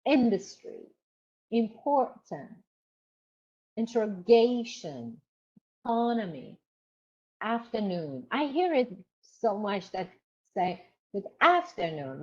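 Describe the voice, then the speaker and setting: A woman teaching a lecture on exam preparation, explaining slowly and checking whether her students follow along. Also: medium pitch, mellow, slightly rough. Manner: explanatory, asks the class questions. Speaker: teacher trainer. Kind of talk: online lecture. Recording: dull lo-fi recording.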